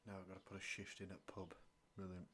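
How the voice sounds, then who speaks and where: A man's voice: sits low, monotone, fast talker, bright, forceful tone, slight background noise. A man making dry, wry asides while playing a game. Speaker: gamer. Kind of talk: casual gameplay commentary.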